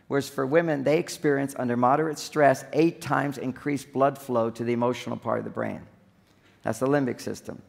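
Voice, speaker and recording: Gravelly man joking on a big stage. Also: medium pitch. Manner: joking, acts out little scenes. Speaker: relationship seminar speaker. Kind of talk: humorous stage talk. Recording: long hall reverb.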